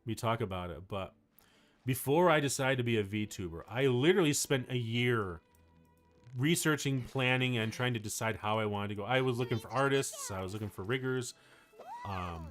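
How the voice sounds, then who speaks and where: A man livestreaming, chatting casually with his viewers in a rambling, excitable way, full of fillers. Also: medium pitch, moderate pace, soft background music. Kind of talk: casual chat to a live chat.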